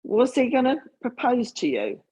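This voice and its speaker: A woman giving a spiritualist mediumship reading in a halting, earnest way full of fillers and restarts. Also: fairly high pitch, sing-song, warm tone, breathy edge.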